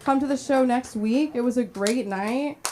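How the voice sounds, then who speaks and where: A woman's voice: on the high side, moderate pace, very noisy. Giggly woman rambling at an open mic. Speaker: stand-up comic. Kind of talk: open-mic stand-up set. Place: comedy club stage.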